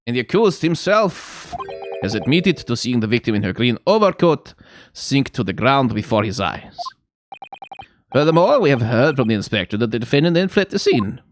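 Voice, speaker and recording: A man voicing a formal, measured older male judge presiding over a trial. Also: mid-range voice, sing-song, slight background noise, voice pushed down, natural voice.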